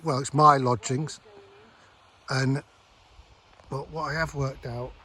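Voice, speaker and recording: A man chatting through his walking diary in a rambling, relaxed way, full of ums and restarts. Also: mid-range voice, noisy background. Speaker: long-distance walker filming a trail diary. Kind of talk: casual vlog narration.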